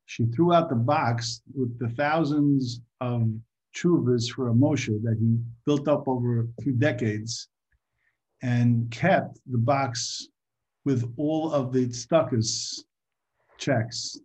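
A man giving an informal Torah talk to a group, halting and repeating his words, sometimes asking the audience questions. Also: mid-range voice, a little mellow. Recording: muffled lo-fi recording.

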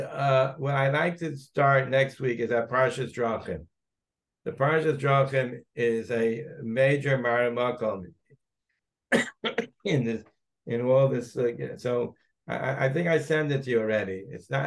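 A man's voice: mid-range voice, creaky. A man, a rabbi, teaching a Talmud class, thinking aloud as he searches through the text and digresses.

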